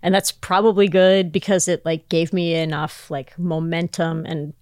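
A woman's voice: on the low side, level tone, normal speed, a little mellow, smooth, no room sound. Woman from Minnesota, podcast guest, casual and chatty, dry studio sound. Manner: chatty, lots of "like" fillers. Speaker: actress and guest.

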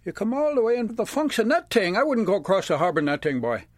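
A man voicing a gruff older male fisherman, blunt and earnest, who keeps calling the listener "boy". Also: high-pitched, sing-song, fast talker, no room sound, clean studio sound, voice pushed up. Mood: teasing. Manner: blunt, calls people "boy".

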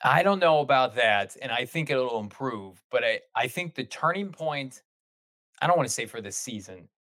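Man, casual sports talk, animated run-on delivery, mid pitch, dry close mic. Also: normal speed, no room sound. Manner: animated, talks in long run-on stretches. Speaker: podcast guest, team show host.

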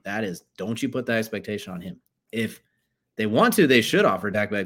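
A man's voice: medium pitch, animated, brisk, fairly bright tone. A man co-hosting a sports podcast, reasoning aloud in a conversational way. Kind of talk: casual sports talk.

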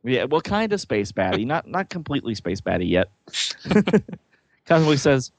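A man's voice: medium pitch, big pitch swings, normal speed, no room sound. Man reading a comic aloud, laughing. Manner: reads comic dialogue aloud with joking asides, laughs often. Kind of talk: casual chat and reading aloud.

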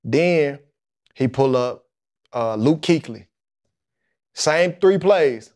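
A man, telling a lively, colloquial story in a podcast interview and acting out the people in it. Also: on the high side, drawn-out words. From Mississippi, USA. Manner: animated storytelling, colloquial, acts out the voices of the people in his story. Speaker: guest, football player.

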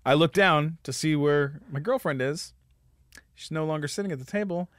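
A man's voice: on the high side, moderate pace, no room sound, clean studio sound. A man guesting on a podcast, telling a story in casual chat and acting out the voices of the people in it. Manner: animated, acts out voices.

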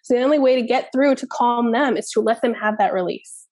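A woman speaking as a parenting expert guest in a candid interview, animated and blunt, swearing casually. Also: on the high side, a little fast, no echo.

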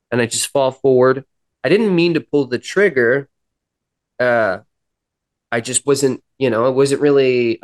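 A young man, a podcast guest, telling his personal story in an earnest, reflective way and often acting out the dialogue. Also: medium pitch. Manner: earnest, reflective, quoting himself and others in dialogue.

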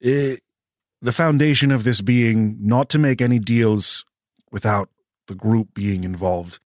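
A man's voice: on the low side, a little mellow, no room sound, clean studio sound. A man speaking as his character in a tabletop game, careful and a little formal. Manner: measured, careful, slightly formal. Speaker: player. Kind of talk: tabletop role-play in character.

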